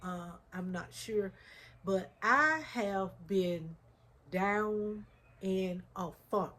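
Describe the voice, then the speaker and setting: A woman's voice: medium pitch, fairly bright tone. Heartfelt woman vlogging. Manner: heartfelt, addresses viewers as y'all. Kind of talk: emotional casual chat to viewers.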